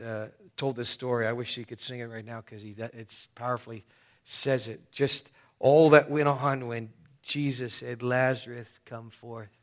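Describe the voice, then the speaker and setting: A male pastor preaching a sermon, reading scripture aloud and explaining it, his voice swinging between hushed and loud. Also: mid-range voice.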